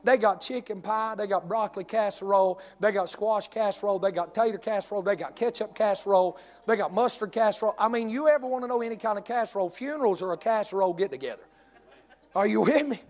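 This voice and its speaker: A man preaching a humorous storytelling sermon in a folksy, animated drawl. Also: high voice, fast.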